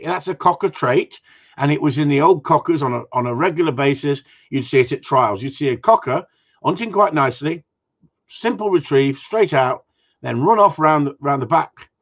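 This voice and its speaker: A man's voice: mid-range voice, slightly rough. A man who trains gundogs, answering viewer questions in a blunt, rambling way with casual swearing. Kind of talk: casual Q and A chat. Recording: dull lo-fi sound.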